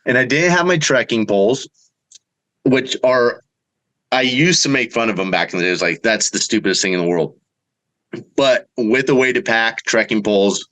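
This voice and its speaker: Animated man telling a hunting story. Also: rough recording. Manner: animated, acts out quotes with jumps in pitch. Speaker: bowhunter guest. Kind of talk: casual storytelling.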